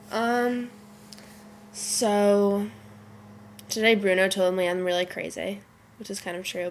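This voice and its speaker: A woman's voice: medium pitch, a little hiss or hum. A teenage girl who is sick and congested, rambling to her webcam in her bedroom, chatty and easily sidetracked. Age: teens. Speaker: vlogger. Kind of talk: casual chat to camera.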